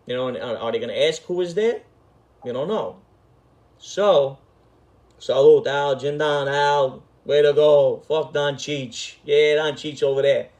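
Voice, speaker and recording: This middle-aged host tells a casual story with street talk, swearing, and plenty of emphasis. His voice runs on the high side, a little slow and a little mellow.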